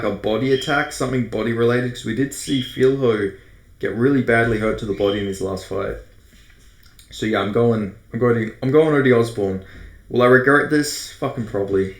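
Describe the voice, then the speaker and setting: Australian man rambling through fight picks. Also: mid-range voice. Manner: rambling, profane, self-correcting. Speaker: MMA predictions host. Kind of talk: casual fight breakdown monologue. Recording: roomy echo.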